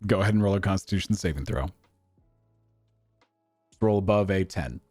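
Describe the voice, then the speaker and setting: A man's voice: deep voice, normal speed, a little mellow, dry recording, faint music behind. A man running a tabletop role-play game as game master, narrating in a loose, casual way with fillers.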